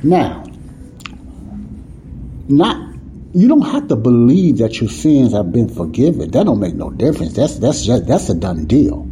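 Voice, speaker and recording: A man's voice: medium pitch, very animated, unhurried, pauses often, mellow, slight background noise, poor audio. A man teaching the Bible in an emphatic, conversational preaching style, often checking that listeners follow. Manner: repeats "you see what I'm saying?" to listeners.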